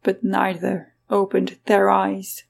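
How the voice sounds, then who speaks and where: A woman narrating a fantasy story in a scripted, even reading. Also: medium pitch, takes it slowly, gravelly. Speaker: audiobook narrator.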